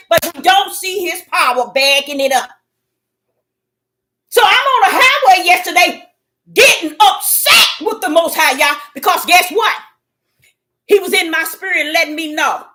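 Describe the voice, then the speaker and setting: Woman, preacher, fervent sermon, shouts then hushes, animated melodic voice. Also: very high-pitched, measured pace. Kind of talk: impassioned sermon.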